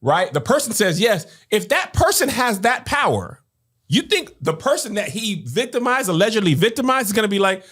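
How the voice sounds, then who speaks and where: A woman's voice: medium pitch, sing-song, normal speed, fairly bright tone, breathy edge. A woman podcast host in casual discussion, arguing her points with rhetorical questions. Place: podcast studio.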